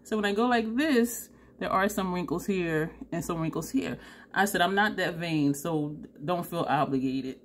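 A tired woman, telling a story to camera in a chatty way, laughing often and acting out both sides of the conversation. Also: lowish voice. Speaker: beauty vlogger.

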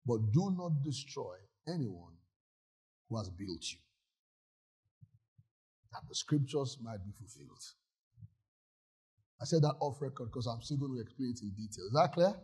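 A man's voice: mid-range voice, big pitch swings, moderate pace, pauses often, mellow, slightly rough. A male pastor preaching a sermon in a church, emphatic and often asking the congregation if they follow.

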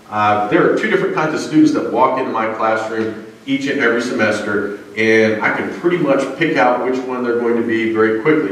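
A man gives a sermon in an easygoing, conversational way, telling stories and pausing with frequent fillers. His mid-range voice is picked up from a distance. It bounces around a highly reverberant church sanctuary. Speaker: pastor and college psychology teacher.

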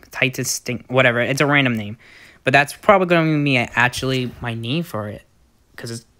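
A young man giving casual, rambling gameplay commentary with lots of fillers and sudden excited outbursts. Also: mid-range voice, clear, resonant tone. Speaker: gaming YouTuber.

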